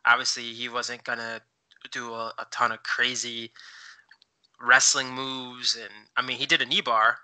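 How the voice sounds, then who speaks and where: A man's voice: medium pitch, little pitch movement, measured pace, bright, forceful tone, rough recording. A man co-hosting a podcast in casual chat, rambling with many fillers as he looks things up while talking. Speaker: podcast co-host.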